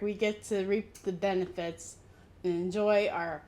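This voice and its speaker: A middle-aged woman hosting a home cooking video, calmly walking through each step in a friendly, instructional way. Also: medium pitch, unhurried. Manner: friendly instructional, talks with mouth full. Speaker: cooking channel host.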